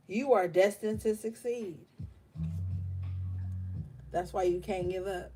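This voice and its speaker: A woman leading a spiritual reading on a live stream with a warm, mellow tone. She talks with raw emotion and blunt, profane encouragement. A faint hiss sits under her voice. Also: medium pitch, steady tone, takes it slowly, pauses often. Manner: impassioned and emotional, blunt with swearing. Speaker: tarot reader hosting a live stream.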